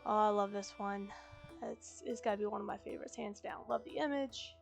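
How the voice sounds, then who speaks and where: A woman streamer chatting casually before reading a book aloud, her voice slightly croaky, talking in a chatty, rambling, upbeat way. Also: medium pitch, brisk. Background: fantasy music playing faintly.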